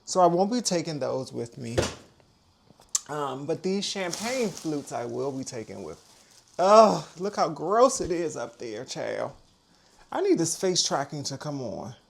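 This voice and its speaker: A woman's voice: sits low, big pitch swings, a little slow, vocal fry, echoey room, a little hiss or hum. Sassy chatty woman vlogging at home. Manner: sassy, chatty, calls viewers girl and child. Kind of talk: casual chat to viewers. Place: home apartment while packing to move.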